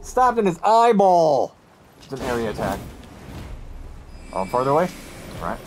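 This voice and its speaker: A young man giving casual let's-play commentary, excitable and talking to himself as he yells at the game. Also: a little high, normal speed, slight background noise. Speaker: gameplay commentator.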